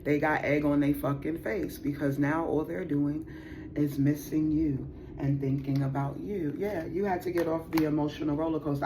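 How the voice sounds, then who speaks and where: Over a noisy background, a woman with a low voice gives viewers a casual tarot reading. She's slangy and profane, animated and full of emotion, laughs often, and calls her audience sis and y'all.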